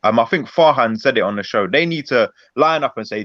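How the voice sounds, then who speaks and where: A man's voice: medium pitch, expressive, quick pace, hardly any pauses, fairly bright tone, no room sound. A man giving an angry, rambling post-match reaction on a football chat stream. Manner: fuming, rambling, emphatic. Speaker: Arsenal fan panelist. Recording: dull lo-fi call audio.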